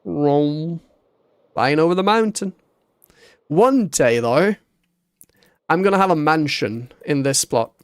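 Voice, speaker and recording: Gaming streamer, male, slightly high voice, dry close mic, slow self-talk with hummed sound effects. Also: sing-song, no echo. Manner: muttering to himself, humming sound effects like boom and ba ba ba. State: hiccuping. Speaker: Minecraft streamer. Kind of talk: casual gameplay commentary.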